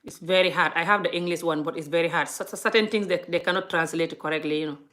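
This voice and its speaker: A woman's voice: on the low side, steady tone, fast talker, pushed and bright. A middle-aged woman from Gambia vlogging in an earnest, impassioned monologue, often restarting and repeating herself. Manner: earnest, frequent restarts and repetition.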